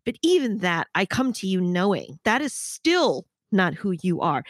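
A woman's voice: medium pitch, sing-song, measured pace, dry recording, studio quality. A woman hosting a podcast interview, talking frankly and emphatically and swearing casually. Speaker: podcast host. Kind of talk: candid interview conversation.

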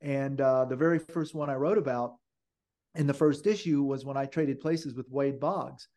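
A man's voice: mid-range voice, steady tone, moderate pace, dark tone. An older man, a podcast guest, telling long stories in a rambling way with many restarts and fillers. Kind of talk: casual interview storytelling.

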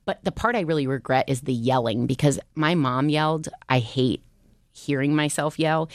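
A woman co-host chatting candidly in a podcast conversation, animated and quick with asides. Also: low voice, dry recording, clean studio sound. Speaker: talk show co-host.

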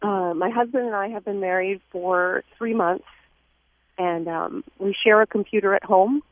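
A woman calling in to a radio advice show, speaking hesitantly and haltingly. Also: mid-range voice, fairly even intonation, dry recording. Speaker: caller. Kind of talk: phone-in call. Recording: tinny phone line.

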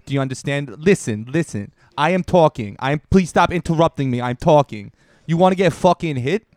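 A man's voice: fairly high pitch, lively intonation, fairly quick, darkish tone, dry recording, studio quality, pitched below the performer's own voice, lightly acted. A man putting on a foul-mouthed woman agent. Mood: belligerent. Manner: crude, threatening, mocking. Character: aggressive woman CIA officer mocked as girl power.

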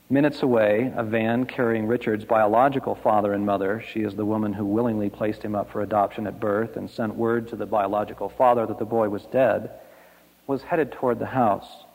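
A man preaching a sermon, telling a story slowly and dramatically, letting his lines fade to a hush. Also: on the low side, steady tone, vocal fry. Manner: slow, dramatic storytelling with soft, hushed line endings. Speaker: pastor. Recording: echoey hall.

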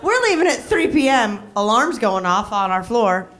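Brash, lively high-voiced woman co-host. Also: normal speed, crowd noise. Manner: brash, profane, teasing storyteller. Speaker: podcast co-host. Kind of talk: casual comedic chat before a live audience. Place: live stage show.

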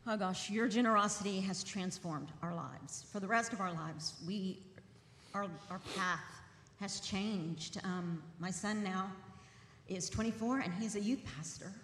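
A woman in her forties giving an earnest, hesitant personal testimony to a church congregation, with many pauses and ums. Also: fairly bright tone. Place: large church sanctuary. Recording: roomy hall echo, faint rumble.

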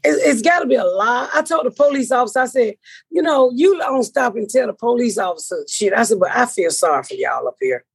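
Husky, profane woman spinning wild stories. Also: a little high, fairly quick. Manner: profane, animated storyteller acting out her own quotes. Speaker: podcast host. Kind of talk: casual chat, storytelling.

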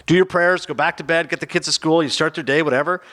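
A male podcast co-host with a fairly high voice talks quickly in casual conversation, telling stories energetically and acting out the voices of the people involved.

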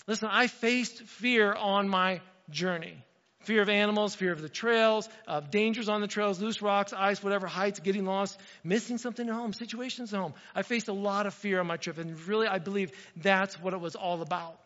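A man's voice: sits high, normal speed, fairly bright tone, long reverb tail, dull audio. A man preaching a sermon as pastor, in a conversational way that often turns straight to the congregation. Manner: conversational, addresses the congregation directly.

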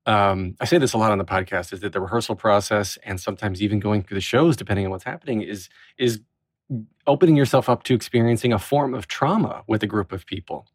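A man hosting a podcast interview, asking questions and reflecting in a measured, conversational way. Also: lowish voice, slightly rough, no echo, clean studio sound. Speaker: podcast host.

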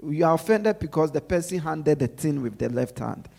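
A man's voice: a little high, animated, a little fast, vocal fry, dark tone. A male preacher giving a sermon, repeating his points with emphasis and asking the congregation to finish his sentences.

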